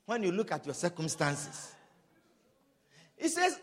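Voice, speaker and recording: A man's voice: sits high, wildly swooping pitch, a little slow, long pauses. A man preaching a sermon as pastor, reading scripture aloud in old wording and rising into bursts of emphasis.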